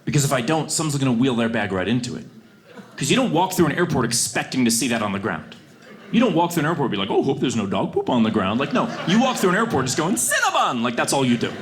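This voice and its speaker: Animated man doing stand-up comedy. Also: medium pitch, quick pace. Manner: animated, swings between quiet deadpan and loud outbursts. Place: comedy club stage. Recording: live show with audible audience noise.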